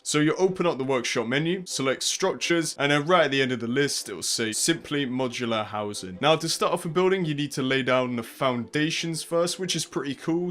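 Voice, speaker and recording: A man's voice: medium pitch, a bit bright. A man with a nasal voice and a stuffy nose from a cold, casually reviewing a game mod in a sarcastic voice-over.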